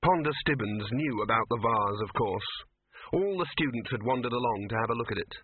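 A man's voice: medium pitch, animated, brisk, slightly rough, no room sound. A man reading a comic fantasy novel aloud as narrator, in a wry, varied storytelling manner, heard through tinny narrow-band audio.

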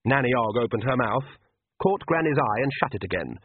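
A man narrating an audiobook in an expressive, measured way. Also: mid-range voice, a little hiss or hum. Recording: tinny phone-like, dry audio.

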